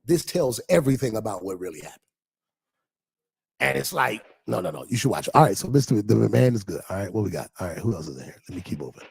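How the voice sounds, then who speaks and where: A man, a pastor, chatting casually on a livestream, reading viewers' comments aloud and answering them, lively at times and dropping to near whispers. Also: on the low side, fast talker, gravelly, slightly rough.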